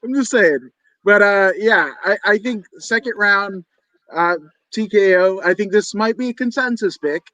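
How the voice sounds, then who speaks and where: A man's voice: high-pitched, a bit bright, no echo, lo-fi sound. A man co-hosting a casual fight-picks podcast, joking and swearing freely as he goes through the card. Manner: joking, profane, wrestling references. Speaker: podcast co-host. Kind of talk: casual fight-prediction chat.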